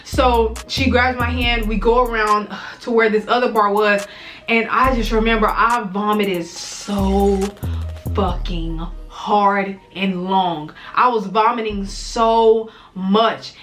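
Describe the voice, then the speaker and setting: A woman's voice: a little high, normal speed, bright, forceful tone, soft background music. A young woman vlogger telling a casual story-time tale, rambling and profane, full of "like"s and acted-out quotes. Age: young adult.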